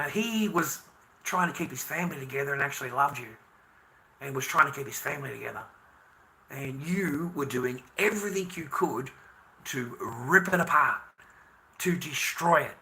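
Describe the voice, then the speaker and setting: A man's voice: gravelly, bright, forceful tone, rough recording. Profane, bitter Australian man ranting. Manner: profane and bitter, swinging between angry outbursts and low muttering. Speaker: vlogger. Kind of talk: ranting monologue to camera.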